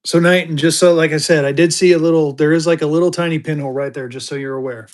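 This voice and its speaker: A man with a slightly higher voice runs a casual live auction from home. He talks in a loose, chatty way, full of fillers and thanks to his buyers. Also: fairly even intonation, quick pace. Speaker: livestream seller.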